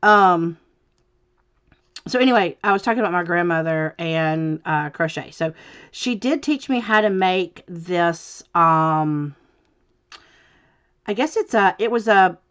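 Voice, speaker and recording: Lady rambling while she crafts, kinda low voice, lots of ums, dull lo-fi sound. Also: lively intonation, takes it slowly, pauses often, fairly bright tone, clean tone. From Southern United States. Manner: rambling, many fillers and restarts, chatty. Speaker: crafting channel host. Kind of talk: casual chat while crafting. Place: home, indoors.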